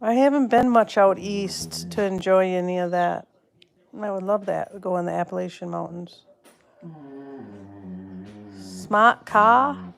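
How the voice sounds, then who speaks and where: A woman's voice: fairly low pitch, fairly even intonation, moderate pace, vocal fry, darkish tone. A woman from Wisconsin with a Wisconsin accent, chatting casually on a livestream and answering viewers' comments by name. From Wisconsin, USA. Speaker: livestream host. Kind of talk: casual live-stream chat.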